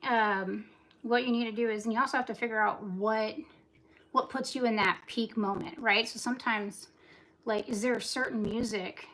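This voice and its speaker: A woman's voice: fairly high pitch, steady tone, fairly bright tone. Chatty rambling woman in her forties. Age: 40s. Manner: talkative, rambling, fast-talking; talks while doing dishes and cleaning. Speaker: livestream host. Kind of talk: casual livestream chat.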